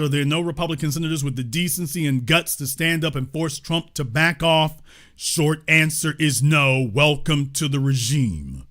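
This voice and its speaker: A middle-aged man hosting impassioned political commentary, preaching and rising to near-shouts, mocking the people he quotes. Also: a little high.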